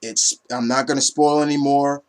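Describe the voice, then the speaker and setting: A man giving a casual comic book review in an excitable, profane, ranting way. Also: mid-range voice, moderate pace, smooth. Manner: excitable, swearing, animated rants.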